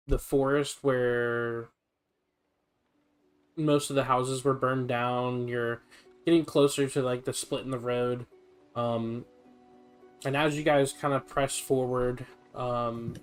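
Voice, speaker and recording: A man narrating a tabletop game as game master, unhurried and filling pauses with ums as he sets the scene. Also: mid-range voice, clear, resonant tone. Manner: unhurried, frequent ums while describing the scene.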